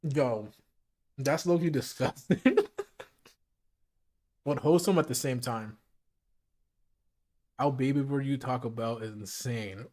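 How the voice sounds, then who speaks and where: A man in the middle of a late-night streaming session at home, talking to his chat between bites in easy slang. His voice sits at an ordinary middle pitch, neither high nor low. The sound is close and clean, picked up by a streaming mic with a noise gate. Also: takes it slowly, pauses often. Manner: relaxed slangy chat, talking while eating. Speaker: livestreamer. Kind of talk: casual just-chatting livestream. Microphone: streaming mic with noise gate and filters.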